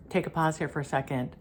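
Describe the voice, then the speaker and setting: Low-voiced chatty woman vlogger. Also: a little mellow, slight background noise. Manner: chatty, filler-heavy, laughs often. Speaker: spiritual channeler and vlog host. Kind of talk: casual spiritual vlog.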